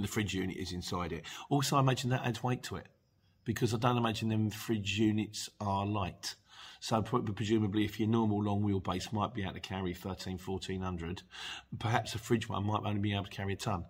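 A middle-aged podcast host with a lowish, slightly rough voice reads listener messages aloud and chats casually. He's chatty and rambling, with plenty of asides, frequent restarts, and laughs.

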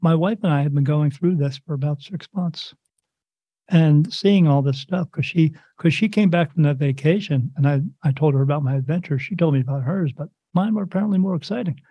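A man's voice: fairly high pitch, brisk, slightly rough, no echo, highs cut off. A man as an interview guest, telling a long personal story in a loose, rambling way, acting out what others said and adding sound effects. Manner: animated, rambling retelling with quoted dialogue and sound effects. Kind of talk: casual storytelling.

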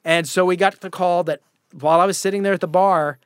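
This guest comedian and actor spins a lively story during a relaxed interview, performing the quotes of each character himself. He speaks a little fast in a high, clean-toned voice, and the dry recording is studio quality.

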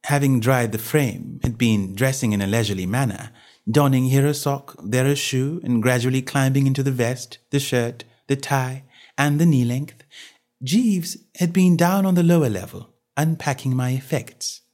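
A man's voice: medium pitch, moderate pace, a little mellow. A man reading a comic novel aloud in the first person, with a playful, mock-grand storytelling manner. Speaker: audiobook narrator. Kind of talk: scripted narration of a comic novel.

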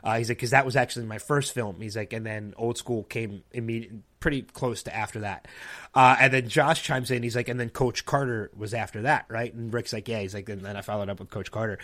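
A man's voice: fairly low pitch, steady tone, fairly quick, a bit bright. A man hosting a podcast, casually telling a long anecdote and acting out other people's lines. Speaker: podcast host. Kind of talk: casual storytelling chat.

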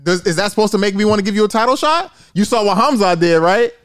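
Man, high-pitched voice, podcast co-host, heated casual argument, lots of swearing. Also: quick pace, clear, resonant tone. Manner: animated, swearing, mimics others in raised voice. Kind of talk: heated casual sports debate.

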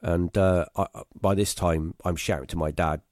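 Guy in his 50s telling a long story, kinda low voice, lots of ums and restarts, dry close sound. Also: fairly even intonation, a little mellow, dry recording. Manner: rambling, halting with fillers and restarts. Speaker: podcast guest. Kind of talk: casual storytelling.

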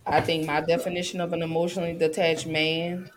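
A woman's voice: sits low, little pitch movement, a little fast, a little hiss or hum. A mother giving impassioned, preachy commentary in a casual, colloquial way. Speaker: vlogger and mother.

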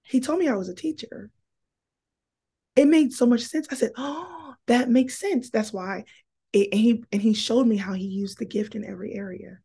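A woman in casual podcast conversation, telling faith stories in an animated, preaching way. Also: mid-range voice, moderate pace, vocal fry, slightly rough. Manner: animated, preachy, emotional storytelling.

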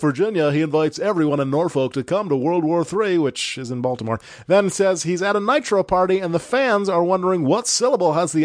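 A man's voice: fairly high pitch, no room sound, studio quality. A man hosting a podcast, recapping a broadcast in a sarcastic, exasperated way and swearing freely. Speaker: podcast host.

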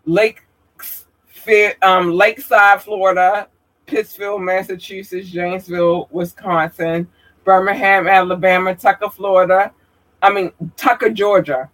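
A man reading out viewers' hometowns one by one, halting with fillers and apologizing for mispronouncing names. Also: high voice, steady tone, a bit bright, poor audio. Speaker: streamer giving shout-outs.

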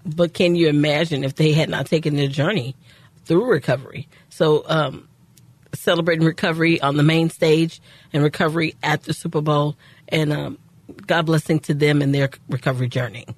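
A woman co-hosting a faith-based radio talk show, speaking in a measured, affirming, preacherly way. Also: low-pitched, fairly even intonation, dry recording.

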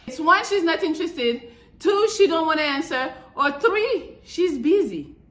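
A woman hosting a podcast, giving blunt, profane dating advice in a casual, animated monologue. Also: on the high side. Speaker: podcast host. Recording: echoey room.

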